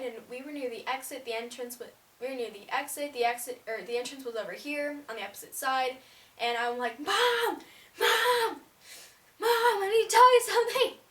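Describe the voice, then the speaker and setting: A high-voiced teenage girl chats through a rambling story for her vlog, sprinkling "like" everywhere. She sits back from the mic in a room with plenty of echo. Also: a little fast, fairly bright tone, distant mic. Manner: chatty, rambling, fillers of "like". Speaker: vlogger. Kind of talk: casual storytelling. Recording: roomy, away from the mic.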